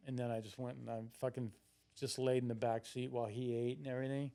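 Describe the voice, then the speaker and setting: A Floridian man in his sixties, guesting on a podcast, rambles through a long, loose story, swearing heavily and acting out lines in the voice of his younger self. His mid-range pitch stays level, and he talks quickly with a dark tone.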